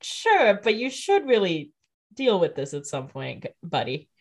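A woman co-hosting a podcast in casual chat, chatty and quick to jump in with jokes and opinions. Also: mid-range voice, wildly swooping pitch. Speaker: podcast co-host.

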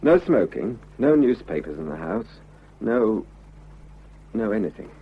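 Radio drama lead: a sincere, stammering married man, low voice, lo-fi old broadcast sound. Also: very animated, gravelly, slightly rough, heavily acted. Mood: earnest pleading. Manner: earnest, halting, pleading. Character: Arthur, unhappily married man confessing love. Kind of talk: vintage radio drama acting. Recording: dull lo-fi old radio recording.

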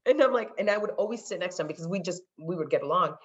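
Talking very fast in a voice on the low side, this woman is a podcast guest in a casual conversation. She tells stories with animation, performing the dialogue she quotes and dropping into Spanglish. The audio sounds dull.

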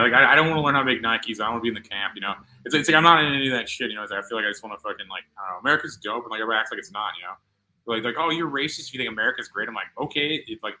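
A man talks at a breakneck clip in a bright, forceful voice. He rambles through a casual podcast chat, swearing freely and leaning hard on filler words. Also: mid-range voice, rough recording. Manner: rambling, profane, heavy on filler "like".

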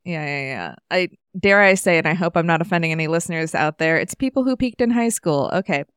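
A woman hosting a podcast, asking questions in a relaxed, conversational way and laughing often. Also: lowish voice, brisk, clear, resonant tone, no echo, studio quality. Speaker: podcast host. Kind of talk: casual interview.

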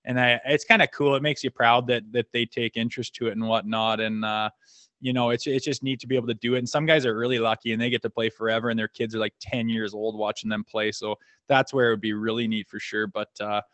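A man's voice: medium pitch, little pitch movement, fast talker, fairly bright tone, no echo. A laid-back middle-aged man from Canada telling stories in a casual, rambling way, laughing often and cursing freely. His voice sits in an ordinary middle register. The recording is close and dry, with no room sound. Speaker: podcast guest, former hockey player. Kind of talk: casual storytelling.

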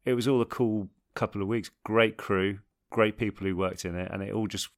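A man's voice: on the low side, steady tone, a little fast. An English man in his thirties, an actor guest chatting casually and at length in an interview, laughing often.

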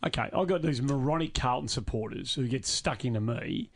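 A man's voice: medium pitch, expressive, fairly quick, gravelly. A middle-aged Australian man co-hosting a sports podcast, fired up and ranting in casual chat. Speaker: podcast co-host.

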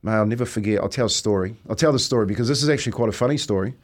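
A man's voice: fairly low pitch, rapid-fire. A New Zealand man in his fifties, a radio co-host, talking in a reflective, storytelling way and often saying mate. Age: 50s. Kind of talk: casual radio chat. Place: radio studio.

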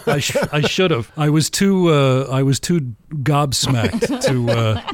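A man's voice: a little high, expressive, a little slow, no room sound. A man co-hosting a podcast, telling a personal story in a casual, dry joking way. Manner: anecdotal, dry joking delivery. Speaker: podcast co-host.

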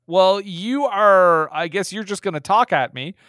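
Male host, fairly high, smooth voice, playful banter. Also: lively intonation, a little slow, fairly bright tone, no room sound, clean studio sound. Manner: joking, self-deprecating. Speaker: podcast host. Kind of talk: casual podcast chat.

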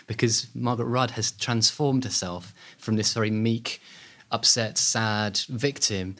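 A man, an author guest, telling a historical story in an animated way with many fillers. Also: fairly low pitch, normal speed. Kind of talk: podcast interview.

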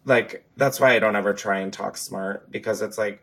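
A man's voice: fairly low pitch, normal speed, creaky. A man hosting a podcast on headphones, chatting casually, joking and swearing as he answers callers. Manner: profane, joking, animated. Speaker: podcast host. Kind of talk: casual chat.

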